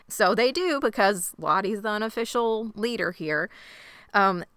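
A woman's voice: medium pitch, animated, measured pace, fairly bright tone, clean tone, dry recording. A woman hosting a podcast, recapping an episode in a wry, sardonic way. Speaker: podcast host. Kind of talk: casual recap chat.

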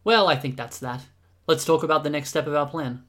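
A man reading aloud and voicing a stubborn, calculating young man who speaks with quiet menace in a storybook reading. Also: on the high side, a little fast, natural voice. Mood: calm. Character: stubborn, cold, calculating young male leader.

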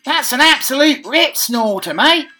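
A man putting on an exaggerated, hearty Australian bloke voice for slang phrases, loud and high with a drawn-out twang. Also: animated, soft background music, heavily acted.

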